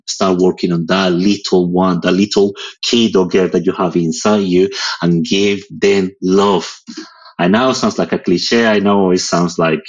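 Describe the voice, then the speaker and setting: On a live audio chat, an England-based male photographer speaks as a guest in relaxed conversation, his deep voice carrying a breathy edge while the recording's highs are cut off. He's expressive, scattering "it's like" fillers all through his talk.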